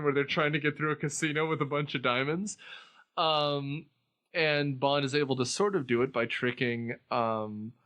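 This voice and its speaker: A man's voice: a little high, fairly bright tone, poor audio. A man hosting a podcast, casually recapping a film in a rambling way and often laughing at his own jokes. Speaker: podcast host.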